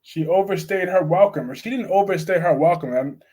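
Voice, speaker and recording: A man's voice: high-pitched, fairly quick, darkish tone, husky. A man giving blunt, opinionated soap opera commentary in a casual live-stream chat, reading and answering viewers' comments. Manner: blunt, opinionated, repetitive emphasis.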